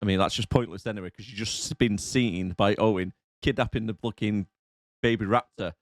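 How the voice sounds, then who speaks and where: A man's voice: lowish voice, steady tone, fairly quick, no echo, clean studio sound. A young man co-hosting a casual movie review podcast, recapping the plot and laughing often. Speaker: podcast co-host.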